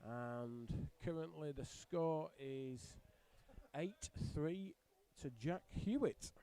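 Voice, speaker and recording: Chatty bowls commentator. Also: male voice, a little high, drawn-out words. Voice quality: talks a little strangely from a missing tooth. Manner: chatty, self-deprecating, relaxed. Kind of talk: live sports commentary.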